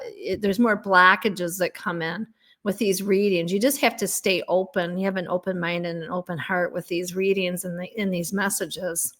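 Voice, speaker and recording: A woman's voice: mid-range voice, a bit bright. A woman guest psychic chatting casually, telling stories with many fillers. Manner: chatty, storytelling, filler-heavy. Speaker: guest psychic and podcast host. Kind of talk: casual conversational chat.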